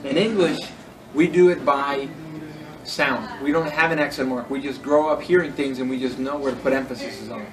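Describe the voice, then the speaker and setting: A man's voice: medium pitch, normal speed, distant mic, a crowd in the background, poor audio. A man teaching a Greek class in a casual lecture, correcting himself and spelling words out letter by letter.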